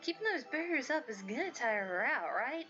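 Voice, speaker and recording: A woman's voice: high voice, very animated, brisk, bright, forceful tone, exaggerated voice. A woman voicing a smug, teasing young man in a visual novel, with a very nasal voice and a sly manner. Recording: dull lo-fi audio, faint music.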